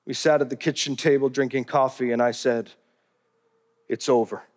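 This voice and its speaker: A man's voice: medium pitch, steady tone, brisk. A man narrating a first-person memoir in an earnest, heartfelt storytelling manner.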